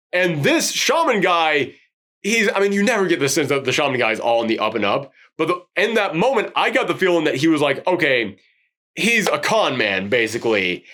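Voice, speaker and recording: A man co-hosting a film review podcast, talking in excited casual chat, swinging between loud outbursts and low voices when he quotes characters.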